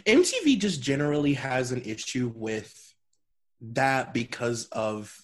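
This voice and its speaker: A man's voice: mid-range voice, animated, unhurried. A man co-hosting a podcast in casual chat, talking emphatically and swearing now and then. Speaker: podcast co-host.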